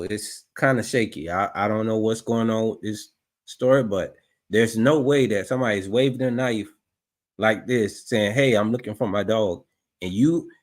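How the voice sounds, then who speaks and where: A man commenting on footage during a livestream, skeptical and halting, often restarting his sentences. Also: lowish voice. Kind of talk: casual commentary over footage.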